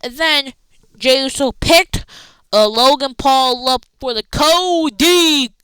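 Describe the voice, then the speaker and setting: A woman casually recapping a wrestling show, rambling excitedly with slangy asides. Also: high-pitched, takes it slowly, no room sound, rough recording.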